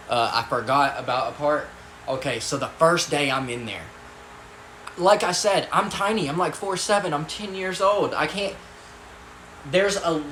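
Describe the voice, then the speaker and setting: A man's voice: on the high side, fairly bright tone, slight background noise. Profane young man storyteller. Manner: casual, profane, rambling with asides. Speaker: vlogger. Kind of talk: storytime vlog. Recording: echoey room, faint ambience.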